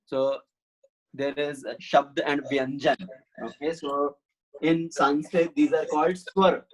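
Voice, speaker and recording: A man's voice: fairly high pitch, flat delivery, slow pace, rough recording. A man teaching a Sanskrit class online, patiently explaining step by step and answering questions.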